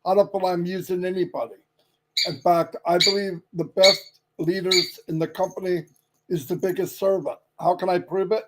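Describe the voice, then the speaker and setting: A man's voice: sits high, fairly even intonation, moderate pace, very noisy. A man chatting casually on a livestream, easygoing and rambling, with fillers and side remarks. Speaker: company leader on a livestream.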